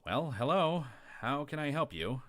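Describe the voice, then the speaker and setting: A man's voice: on the high side, very animated, unhurried, fairly bright tone, dry recording, pitched above the performer's own voice. A man voicing a weary little male gnome clerk who talks in a put-upon, dryly sarcastic way.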